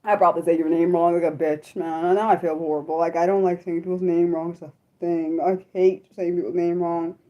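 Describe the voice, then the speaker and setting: Expressive woman livestreamer, self-deprecating. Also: a little fast, hardly any pauses, dull audio. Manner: expressive, swinging from laughing squeals to low mutters; self-deprecating and apologetic, with frequent swearing. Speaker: livestream host. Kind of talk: unscripted livestream chat with viewers.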